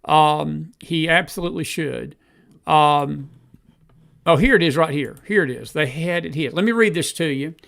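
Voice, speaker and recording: A man's voice: on the high side, normal speed, gravelly, fairly bright tone. A man hosting live political commentary, rambling as he searches for a statement, then heated and emphatic. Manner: fumbles and self-talks while searching. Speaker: host.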